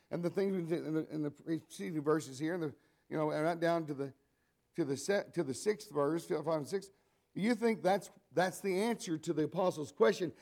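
An older man preaching a sermon, slightly high in pitch. He talks in a folksy, conversational way, wandering into asides and restarting his sentences as he goes. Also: a little mellow.

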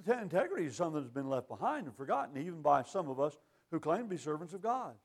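Lively, high-pitched preacher man. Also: fast, husky. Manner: folksy, emphatic, quotes scripture. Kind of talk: sermon.

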